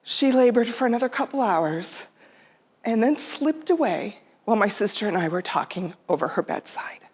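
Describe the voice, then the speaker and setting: A woman's voice: medium pitch, lively intonation, normal speed, darkish tone, slightly rough. A middle-aged woman giving a heartfelt storytelling talk on stage, quoting herself and her mother in her own voice. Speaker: speaker. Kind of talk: storytelling talk to a live audience. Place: theater stage.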